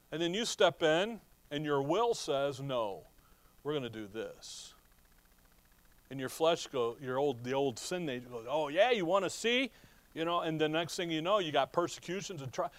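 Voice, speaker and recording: High-voiced, emphatic male preacher. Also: dry recording. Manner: asks the congregation rhetorical "what?" questions. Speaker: pastor. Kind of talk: sermon.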